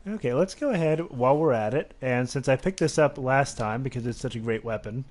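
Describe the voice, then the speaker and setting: Relaxed man at the controls. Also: mid-range voice, brisk. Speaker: co-host playing the game. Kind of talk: casual gameplay chat.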